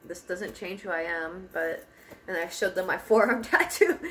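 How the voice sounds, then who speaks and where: A woman's voice: lowish voice, moderate pace, fairly bright tone, a little hiss or hum. A young woman telling a personal story in a casual car vlog, candid, laughing often and swearing freely. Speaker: vlogger. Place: parked car.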